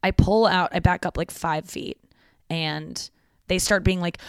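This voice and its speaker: A woman hosting a podcast, telling a story in a lively, rambling way full of "like" fillers. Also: on the low side, measured pace, clear, resonant tone, dry recording, clean studio sound. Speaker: podcast host. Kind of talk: casual comedic storytelling.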